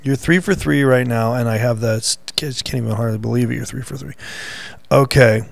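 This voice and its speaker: A man's voice: mid-range voice, brisk, gravelly, dry recording. A man co-hosting a casual faith podcast, teasing his co-host and reading news headlines aloud in a playful quiz. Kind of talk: casual chat, quiz game.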